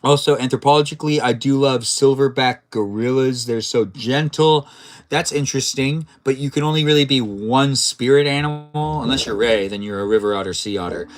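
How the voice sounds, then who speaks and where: A man's voice: medium pitch, brisk. A man live-streaming a video game, chatting playfully, reacting to the play and reading out viewer messages. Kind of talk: casual gameplay live-stream chat.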